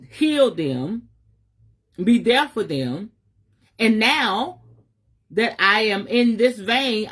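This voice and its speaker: A middle-aged woman delivers a fiery message in a preacher's cadence, her pitch leaping high and dropping low as she presses each point. Her voice sits fairly high, and she speaks in African American Vernacular English, swearing freely as she goes. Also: a bit bright, slightly rough. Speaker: spiritual advisor. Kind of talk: preaching-style live stream message.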